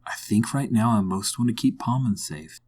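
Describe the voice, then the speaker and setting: Deep-voiced man playing a tabletop game. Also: lively intonation, normal speed, a little mellow, breathy edge. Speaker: podcast host playing a character. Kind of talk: tabletop role-play in first person, then interview chat.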